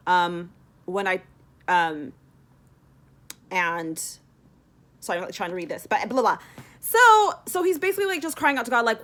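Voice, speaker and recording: A woman's voice: mid-range voice, animated, moderate pace, pauses often, a bit bright. Woman rambling in a faith vlog, lots of "like" and "um", dramatic voiced-out complaints. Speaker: Christian vlogger. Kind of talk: casual devotional vlog. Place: in Texas.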